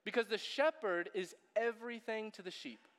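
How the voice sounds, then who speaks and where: A man's voice: high voice, normal speed, a bit bright, long reverb tail. A man preaching a sermon in a casual, joking way, full of fillers and asides. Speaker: pastor.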